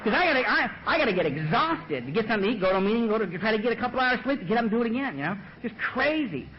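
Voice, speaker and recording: A man speaking at a recovery meeting, telling his own story with humor, loose and animated, full of "you know" and "man", laughing at himself, on a podium mic in a dull lo-fi recording. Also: very high-pitched, rapid-fire, slight background noise. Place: meeting room at the front.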